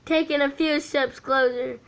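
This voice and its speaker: A woman's voice: high voice, steady tone, a little slow. A woman casually reading a fan story aloud, often stumbling over words and adding chatty asides. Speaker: fan fiction reader.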